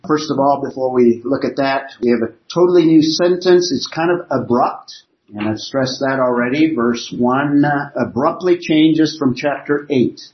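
A man's voice: medium pitch, moderate pace. A man teaching a Bible class, explaining points step by step from an outline on slides. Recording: roomy, dull lo-fi classroom recording.

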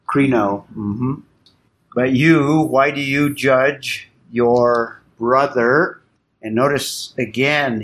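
Measured man teaching a Bible class. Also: mid-range voice. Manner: measured and explanatory, questions the class.

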